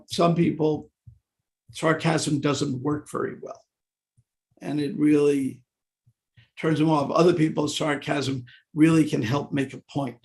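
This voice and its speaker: The class speaker is an older man whose gravelly, fairly high voice carries a devotional lesson on scripture. He stays friendly but hesitant, often using fillers and restarting his sentences.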